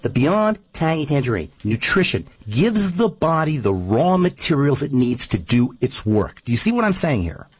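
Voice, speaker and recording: A man's voice: mid-range voice, very animated, normal speed, hardly any pauses, slightly rough, muffled recording. A man speaking as a nutrition expert guest on a radio talk show, emphatic and repeating his points, often telling stories.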